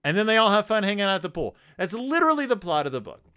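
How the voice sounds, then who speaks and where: Animated man riffing on a kids' book. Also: sits high, rapid-fire, clean tone. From United States. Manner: playful, jokey, animated retelling. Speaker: podcast host. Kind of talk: casual commentary on a children's book.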